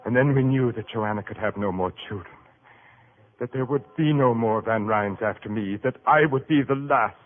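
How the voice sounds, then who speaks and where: An actor playing a brooding aristocratic lord of a manor in a 1940s radio play, speaking in an intense, low manner. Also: male voice, normal speed, close to an everyday voice. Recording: tinny lo-fi 1940s radio broadcast.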